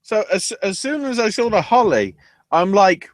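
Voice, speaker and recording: A man's voice: sits high, very animated, moderate pace, fairly bright tone, no room sound. A man co-hosting a podcast in casual, profane chat, often acting out quoted lines. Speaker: podcast co-host.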